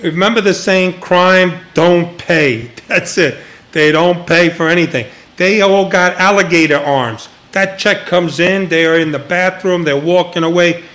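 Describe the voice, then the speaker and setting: Animated older man telling stories. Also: sits high, measured pace. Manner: animated storyteller, acts out quoted voices, laughs often. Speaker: interview guest, retired undercover agent. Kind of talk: casual storytelling interview.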